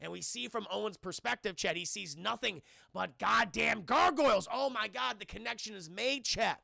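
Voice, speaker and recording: A man casually recapping a film for his stream chat, animated and swearing freely as he addresses the chat. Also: high voice, moderate pace, gravelly, no room sound, studio quality.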